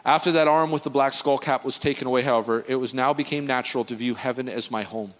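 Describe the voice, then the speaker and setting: A man's voice: mid-range voice, fast. A man preaching a sermon as pastor, telling personal stories earnestly with frequent restarts. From Canada. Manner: earnest, animated storytelling with many restarts. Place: church sanctuary.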